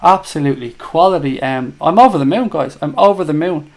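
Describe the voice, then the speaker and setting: A man's voice: on the high side, a little fast. A man with an Irish accent hosting a live fan chat show, reading out viewer comments and bantering in a chatty, teasing way. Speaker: livestream host.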